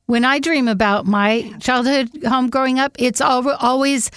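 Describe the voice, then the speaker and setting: A woman's voice: high-pitched, fairly even intonation, moderate pace, a bit bright, clear, resonant tone, no echo. A woman co-hosting a casual podcast, telling a family story in an easy conversational way. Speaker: podcast co-host. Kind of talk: casual chat.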